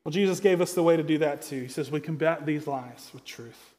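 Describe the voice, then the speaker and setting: A male pastor in his thirties delivers a sermon with a high-pitched voice. He talks in a loose, conversational way and sinks into a quieter, intense tone to press his points. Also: brisk.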